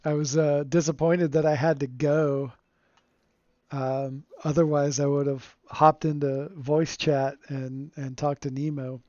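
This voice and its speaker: A slow-talking man with a mellow, slightly high voice gives relaxed, rambling commentary over his gameplay and chuckles often. The sound is dull and lo-fi, close and dry on a home streaming mic. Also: no echo. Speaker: game streamer.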